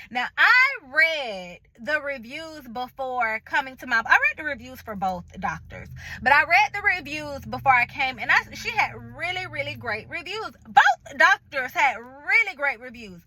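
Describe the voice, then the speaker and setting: A woman's voice: high voice, very animated, measured pace, few pauses, bright, forceful tone, no echo, rough recording. A woman vlogger in casual personal storytelling, emphatic and chatty, acting out the conversations she retells and speaking straight to her viewers. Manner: colloquial, chatty, addresses viewers directly. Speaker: vlogger sharing a health update.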